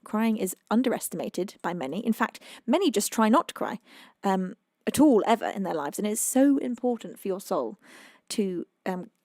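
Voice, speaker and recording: A woman's voice: medium pitch, animated, normal speed, darkish tone, no echo, clean studio sound. A woman from the UK, a singer-songwriter chatting casually on her live stream, reading chat aloud with plenty of fillers and laughs.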